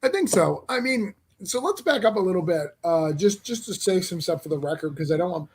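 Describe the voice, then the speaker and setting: A man's voice: sits high, animated, a little fast, breathy edge. A man as a podcast guest, chatting casually and explaining things carefully, with frequent stammers and restarts. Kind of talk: casual chat.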